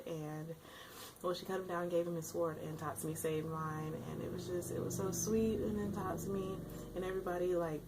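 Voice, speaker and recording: Young female vlogger, low-pitched and creaky, rambling and emotional. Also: background noise. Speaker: anime reviewer. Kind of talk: casual vlog recap.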